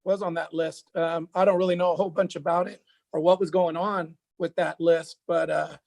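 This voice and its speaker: A man, a high school football coach, chatting casually and rambling with many fillers and restarts. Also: little pitch movement, brisk, gravelly, darkish tone, no echo. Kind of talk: casual chat.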